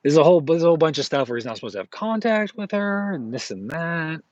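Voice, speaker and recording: A man's voice: on the high side, lively intonation, fast, a little mellow, dry recording, muffled recording. Rambling man chatting from a flea market stall. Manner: rambling, with many fillers and self-corrections. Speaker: streamer selling at a flea market. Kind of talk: casual live-stream chat.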